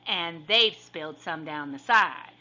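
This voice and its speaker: A woman's voice: low voice, measured pace, bright, forceful tone, heavily acted. Matter-of-fact mother bear, as a woman puts her on. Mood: fussy. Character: calm medium-voiced mother bear. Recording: dull lo-fi recording.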